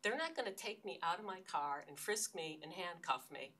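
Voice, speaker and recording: A woman's voice: on the low side, expressive, moderate pace, sharp tone. An older American woman giving an academic lecture, earnest and emphatic, often restarting her phrases. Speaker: university lecturer. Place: lecture hall. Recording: distant lecture-hall recording.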